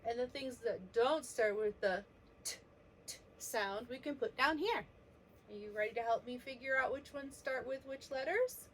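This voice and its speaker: A woman teaching a preschool letter lesson, gently sounding out each letter for young children. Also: on the high side, moderate pace, a little hiss or hum.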